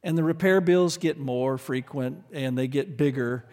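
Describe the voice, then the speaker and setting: A man preaching a sermon in an earnest way, moving from quiet asides to loud emphatic lines. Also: mid-range voice, a little slow, big-room sound.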